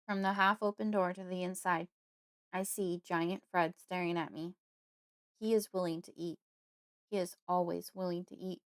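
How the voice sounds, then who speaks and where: A woman's voice: fairly low pitch, fairly even intonation, moderate pace, clear, resonant tone, dry recording, studio quality. Woman reading a horror audiobook. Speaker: audiobook narrator. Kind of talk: first-person horror audiobook narration.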